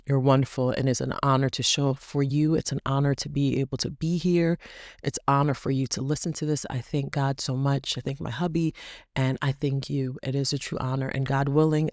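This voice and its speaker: A woman's voice: rumbling low, darkish tone, dry recording, studio quality. A woman hosting a faith podcast, speaking straight to the listener in an emphatic, repetitive way. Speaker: podcast host. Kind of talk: inspirational faith podcast talk.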